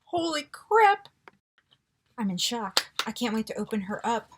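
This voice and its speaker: A woman vlogger chatting casually through a beauty box unboxing, gushing and excitable with frequent gasps. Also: a little high, measured pace, a little hiss or hum. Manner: gushing and excitable, gasping often.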